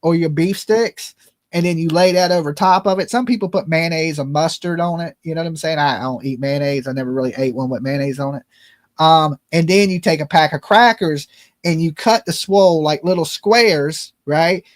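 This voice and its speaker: A man's voice: on the high side, moderate pace, no room sound, studio quality. A man hosting a livestream in casual joking chat, loose and rambling, swearing freely as he banters. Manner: loose, rambling and profane, jokey phone-prank banter. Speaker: streamer host.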